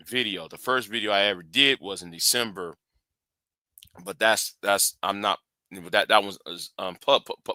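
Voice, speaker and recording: A tired man chats casually on his live stream, drawling slowly with lots of ums and false starts. His voice is bright and smooth, a little low, and the sound is dry and close. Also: no room sound. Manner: rambling, halting, many fillers and restarts. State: tired, yawning after work.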